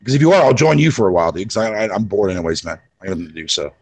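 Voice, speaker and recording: Fast, gravelly man chatting profanely. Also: low voice, big pitch swings, no echo. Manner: profane, laughing, rambling. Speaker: podcast guest. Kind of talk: casual chat.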